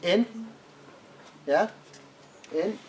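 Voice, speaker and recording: A man's voice: high voice, very slow. Man teaching a class, recorded from afar. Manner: checks in with "yeah?" often, prompts students to translate. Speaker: Arabic teacher. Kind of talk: classroom lesson. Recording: distant classroom recording, faint noise.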